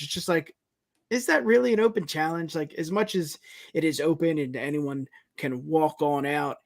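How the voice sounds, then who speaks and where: A man's voice: fairly high pitch, normal speed, dry recording, studio quality. A man co-hosting a podcast in casual chat, leaning on fillers like "you know". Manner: conversational, leans on fillers like "you know" and "it's just like". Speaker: podcast co-host.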